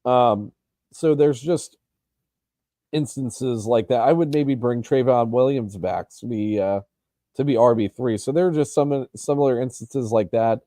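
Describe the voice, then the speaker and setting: Mellow-voiced man in casual sports chat. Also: mid-range voice, a little slow, no room sound, clean studio sound. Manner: hesitant, lots of restarts and ums. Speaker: podcast co-host.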